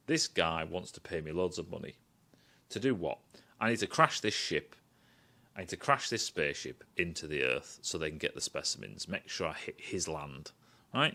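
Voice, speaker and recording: A man's voice: low-pitched, very animated, normal speed, gravelly, sharp tone. A man ranting in a casual, sweary, sarcastic review. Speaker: film and TV reviewer.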